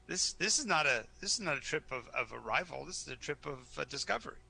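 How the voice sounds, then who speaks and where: A man's voice: on the high side, big pitch swings, fast talker, creaky, sharp tone, slightly rough. A man narrating a live tabletop game as game master, stammering and repeating words as he tells the story.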